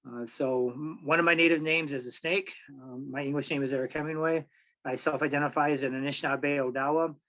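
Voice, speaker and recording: A man in his forties from Michigan shares a personal story with a community audience. His voice sits slightly higher than most men's. He talks in a loose, conversational way, often stopping to find the next word. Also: poor audio. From Michigan, USA. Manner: relaxed, halting, many fillers and restarts. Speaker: tribal archives director, speaker.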